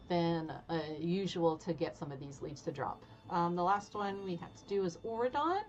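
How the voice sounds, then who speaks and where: A woman streaming a game live, chatty and excitable, her voice jumping high when she is delighted. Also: slight background noise. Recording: slightly dull audio with game music.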